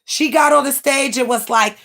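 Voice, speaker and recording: A woman streamer in a brash, profane rant, mocking rivals and swinging between loud jabs and low mutters. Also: normal speed, vocal fry. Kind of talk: ranting livestream monologue.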